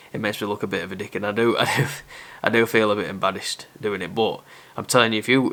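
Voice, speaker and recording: A man's voice: on the low side, a bit bright. Chatty young man giving frank advice. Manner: candid, chatty, self-aware. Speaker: dating advice presenter. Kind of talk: casual advice monologue to camera.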